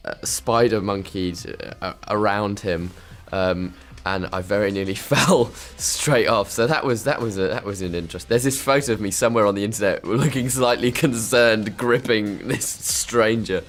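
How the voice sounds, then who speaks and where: A man's voice: lowish voice, moderate pace, hardly any pauses, faint music behind. A man telling an interview story about a fan, laughing at himself as he goes. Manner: self-deprecating, laughs while talking. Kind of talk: anecdote told in an interview.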